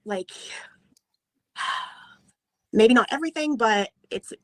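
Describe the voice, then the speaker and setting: A woman's voice: a little high, takes it slowly, a bit bright, dry recording, rough recording. A woman in casual livestream chat, agreeable and hesitant, often trailing off with fillers. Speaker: livestream co-host.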